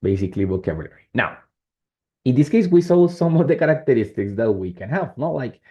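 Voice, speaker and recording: Mellow-voiced Spanish-speaking English teacher. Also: male voice, mid-range voice, big pitch swings, a little fast, highs cut off. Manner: switches between English and Spanish, asks checking questions often. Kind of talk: online class explanation.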